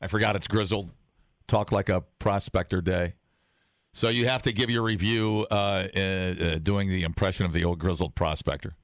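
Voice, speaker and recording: A man hosting a morning radio show, loud and joking. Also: deep voice, steady tone, normal speed, dry recording, studio quality. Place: radio studio.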